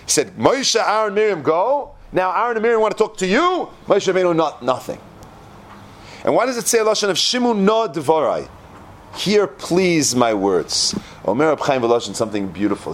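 A man giving a Torah class, quoting Hebrew verses and translating them, dropping to a low hush at dramatic moments. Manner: expressive, quotes Hebrew verses then translates. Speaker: Torah teacher.

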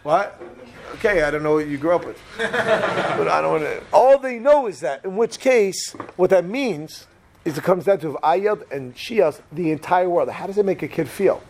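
A middle-aged man gives a lively talk to a room of listeners, quizzing them and joking as he tells stories from home. His voice sits fairly high for a man. A faint hum of background noise runs under him. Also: moderate pace, vocal fry. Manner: animated, asks the audience questions, joking. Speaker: speaker addressing an audience. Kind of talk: lecture with personal anecdotes. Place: room with a live audience.

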